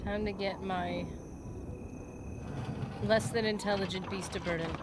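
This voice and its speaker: A woman's voice: medium pitch, fairly even intonation, measured pace, heavy background noise. A woman streaming a game, chatting and laughing with her viewers as she plays. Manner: chatty, giggly, talks to chat. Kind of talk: casual gameplay commentary. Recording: game music behind.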